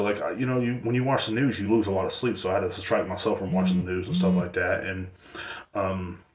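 A man's voice: lowish voice, reverberant. A man hosting a podcast, telling a story in a rambling, profane, joking way and acting out both sides of an argument. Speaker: podcast host. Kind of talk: casual storytelling monologue.

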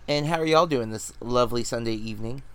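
A man's voice: medium pitch, fast, clean tone. A man hosting a movie podcast, chatting casually with lots of fillers and restarts. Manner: rambling, many fillers and restarts. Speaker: podcast host.

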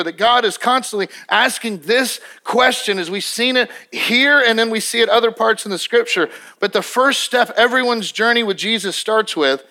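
A man's voice: high-pitched, pushed and bright. A male pastor preaching a sermon in an emphatic, conversational way, often restarting his sentences.

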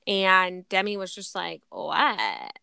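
A woman in casual chat, recapping a reality show in a chatty way, quick to chime in. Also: mid-range voice, bright, forceful tone, clean tone, dry recording, clean studio sound.

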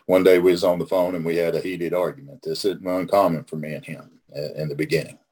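Deep husky man teaching with folksy emphasis. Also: steady tone, fast talker, darkish tone. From Oklahoma. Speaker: host leading a recovery study. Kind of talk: casual teaching talk.

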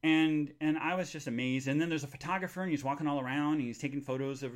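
A middle-aged man hosting a live podcast, rambling excitably and squealing at the high points. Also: fast. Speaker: podcast host.

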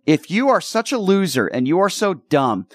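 A man's voice: sits high, big pitch swings, moderate pace, no echo. Indignant man ranting on talk radio. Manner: indignant, repeats words and restarts when worked up. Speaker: radio show host. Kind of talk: opinionated talk radio commentary.

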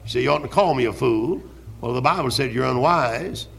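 An older man preaching a fervent sermon as pastor in a church, repeating his questions and rising to shouts. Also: mid-range voice, lively intonation, brisk, vocal fry, faint music behind. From American South. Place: church sanctuary. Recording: 1971 archival church recording.

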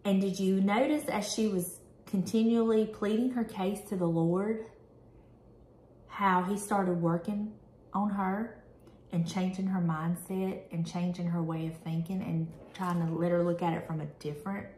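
A woman's voice: mid-range voice, steady tone, measured pace, warm tone, reverberant, slight background noise. A woman vlogger reading a devotional prayer aloud and reflecting on it in an earnest, candid, conversational way.

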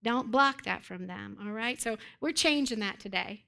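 A woman's voice: mid-range voice, normal speed, creaky, a bit bright. A woman preacher teaching a congregation, urging them on with emphatic, repeated commands. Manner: emphatic, repetitive exhortations. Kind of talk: sermon teaching.

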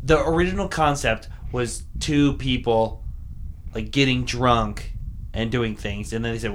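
A man's voice: mid-range voice, a little slow, slight background noise. A young man in casual chat with friends, animatedly retelling cartoon scenes and swearing freely. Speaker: friend in conversation.

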